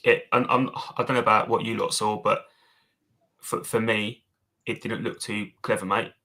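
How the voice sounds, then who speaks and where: On a casual fan podcast, a man with a lowish, level, sharp-toned voice speaks at a moderate pace. He co-hosts bluntly and matily, swearing and calling his co-host mate again and again.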